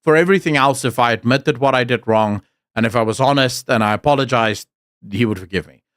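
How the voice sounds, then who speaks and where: A man's voice: medium pitch, a little fast, fairly bright tone, clean tone, dry recording, studio quality. A man with a South African accent, a streamer telling blunt, profane stories in casual chat.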